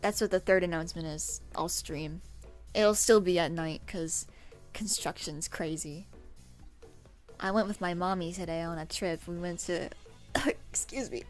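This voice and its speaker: A woman's voice: on the low side, fairly even intonation, measured pace, soft background music. A young woman chatting casually on a livestream, giggly and self-deprecating. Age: young adult. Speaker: streamer.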